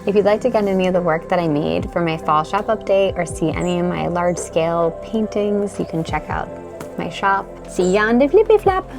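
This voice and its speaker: A woman's voice: lowish voice, steady tone, brisk, gravelly, music in the background. A woman artist hosting a casual, rambling tour of her tiny-house studio, chatting with lots of filler words. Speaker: artist and channel host. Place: small tiny-house art studio, indoors.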